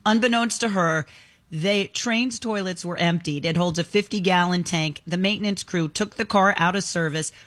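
A woman's voice: lowish voice, normal speed, a bit bright. A woman co-hosting a talk show, telling quirky news stories in a chatty storytelling way. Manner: storytelling, reads out odd news. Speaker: show host. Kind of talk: talk-radio news banter.

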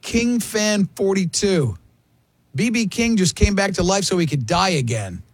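Man in his fifties, radio host, high husky voice, dry close sound, casual studio banter, reads comments aloud. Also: lively intonation, a little slow, no echo. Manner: reads listener comments aloud, laughing often.

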